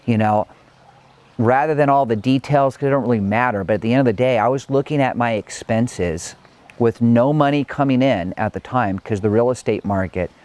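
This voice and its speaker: Middle-aged guy at home sharing a life lesson, earnest, lots of like and you know, mid-pitched voice. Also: moderate pace. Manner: earnest and reflective, chatty with frequent "like" and "you know"; animated when recounting, with light laughs. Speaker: motivational speaker. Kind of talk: personal motivational talk. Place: at his own home.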